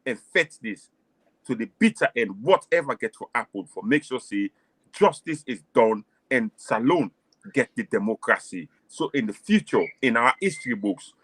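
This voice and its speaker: A man's voice: medium pitch, expressive, moderate pace, a bit bright, husky, no room sound. A man with a Sierra Leonean Krio-English accent, hosting a political discussion show and pressing his guests with impassioned questions. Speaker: host.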